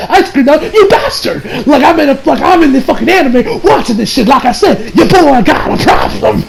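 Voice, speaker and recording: High gravelly-voiced excitable man reviewing. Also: rough recording. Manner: rambling, slangy, excitable, laughs a lot. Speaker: anime reviewer. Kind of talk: casual episode review.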